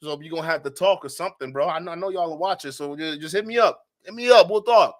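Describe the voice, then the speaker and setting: A man doing live reaction commentary as a streamer. He talks in slangy, profane bursts, speaks straight to his chat, and keeps breaking into loud laughter. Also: fairly high pitch, fast talker.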